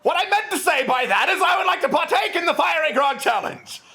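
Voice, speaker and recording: A man voicing an eager, grandiose young prince who talks loudly and overly formally. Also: very high-pitched, animated, a little fast, pitched above the performer's own voice, full character voice. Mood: booming. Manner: loud, exclamatory, overly formal.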